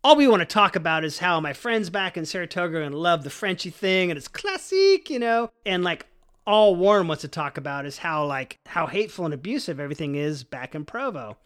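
Man, animated storyteller, lively swooping pitch, bright voice, rambling, profane. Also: fairly quick, smooth. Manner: animated, lots of likes and you knows, swearing, acts out voices. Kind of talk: personal storytelling.

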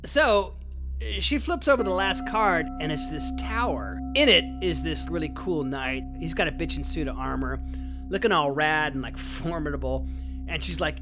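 A man's voice: a little high, expressive, moderate pace, music in the background. A young man telling a personal story in a laid-back, slangy, wry way. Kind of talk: first-person storytelling monologue.

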